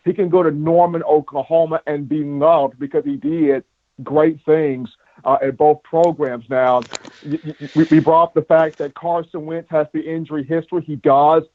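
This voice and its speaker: A man co-hosting a sports podcast, telling animated stories in casual talk and repeating words as he goes. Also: a little high, moderate pace, no room sound. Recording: muffled lo-fi dry sound.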